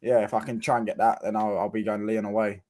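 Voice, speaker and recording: A man's voice: fairly low pitch, flat delivery, fast talker, dark tone. A man chatting in a laid-back way on a video call, swearing casually. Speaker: guest on a fan show. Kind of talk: casual chat.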